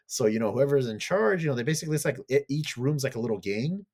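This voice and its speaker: A man's voice: medium pitch, lively intonation, fast talker, darkish tone. A man on a casual podcast, animatedly retelling a TV plot in a rambling way, full of fillers and casual swearing. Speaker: podcast co-host.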